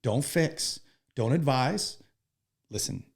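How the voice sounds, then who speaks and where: A man, a firefighter guest, telling stories in an interview in an animated, joking, profane way. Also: medium pitch, slow pace, gravelly. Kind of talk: storytelling in a podcast interview.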